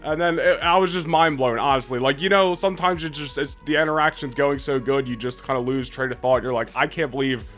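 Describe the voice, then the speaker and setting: A man in his twenties telling a rambling, excitable story to camera as a vlogger, full of restarts. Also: medium pitch, brisk, hardly any pauses, soft background music.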